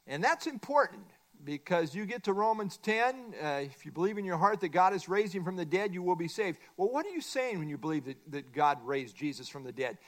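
A man's voice: sits high, lively intonation, fairly quick. A middle-aged man teaching a Bible study lesson from a workbook, emphatic and repeating his key points.

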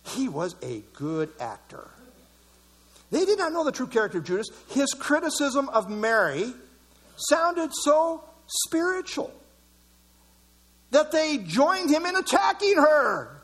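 A man preaching an expository sermon, reading scripture and quotes aloud and adding animated, chuckling asides. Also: very high voice, unhurried.

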